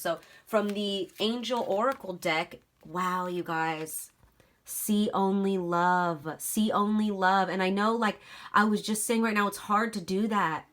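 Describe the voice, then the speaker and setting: A woman's voice: mid-range voice, fairly bright tone. A young woman giving a casual, emotional tarot reading to camera, chatty and giggly, with many fillers. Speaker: tarot reader.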